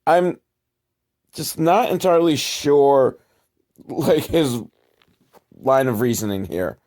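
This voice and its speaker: A man giving a casual, rambling and sardonic movie recap, swearing freely and second-guessing himself. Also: medium pitch. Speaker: movie reviewer.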